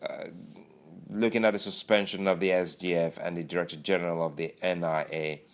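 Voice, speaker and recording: Male commentator, lower register, thinks aloud with frequent fillers. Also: fairly even intonation, a little fast. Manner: filler-heavy, musing delivery with many uhs and you knows. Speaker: political commentator. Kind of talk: political commentary.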